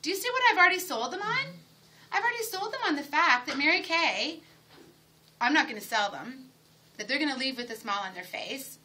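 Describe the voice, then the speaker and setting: Recorded from a distance with faint room noise, a middle-aged woman leads a sales training session that includes a role-played pitch. She's enthusiastic and frequently questions her audience, speaking in a high, expressive, sharp-toned voice at a fairly quick pace.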